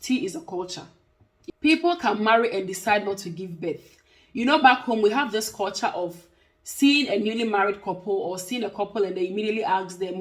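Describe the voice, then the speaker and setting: A woman's voice: medium pitch, fairly quick. A woman talks casually to camera in a mid-range voice. She is emphatic and restates each point to drive it home. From Africa. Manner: emphatic, repeats points for stress. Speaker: vlogger and care worker.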